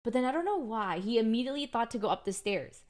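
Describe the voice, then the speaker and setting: A woman's voice: fairly high pitch, lively intonation, quick pace, darkish tone. A young adult woman streamer casually telling her chat an exasperated story, full of back-and-forth retellings.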